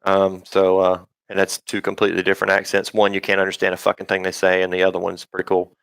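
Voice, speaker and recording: A man's voice: low voice, completely flat delivery, fast talker, creaky, fairly bright tone, clear, resonant tone, no room sound, rough recording. A man hosting a live stream, rambling and swearing in casual talk, full of ums and restarts.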